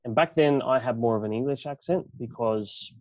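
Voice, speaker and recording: A Dutch man from the Netherlands, whose accent is partly Australian, guests on a casual podcast as a club representative, rambling with plenty of fillers. His mid-range voice is a little mellow and moves at normal speed. The recording is low quality with no room sound.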